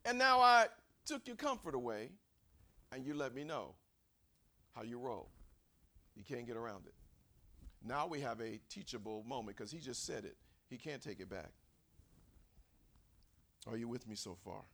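A man preaching a sermon in a church, acting out angry quotes and shouting at the peaks. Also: medium pitch, moderate pace, long pauses.

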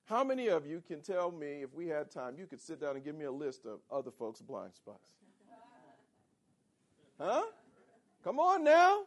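A man preaching a sermon as pastor, animated and calling on the congregation for responses. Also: fairly high pitch, brisk, hardly any pauses. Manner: animated, calls for audience responses.

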